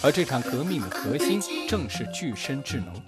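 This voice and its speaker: A man reading scripted documentary narration in a steady, formal tone. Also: mid-range voice, brisk, over music.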